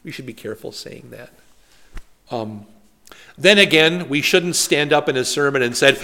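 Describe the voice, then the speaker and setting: A man's voice: medium pitch, moderate pace, creaky, pushed and bright. A man, a pastor, leading a Bible study in a conversational way, telling stories with humorous asides and rhetorical questions.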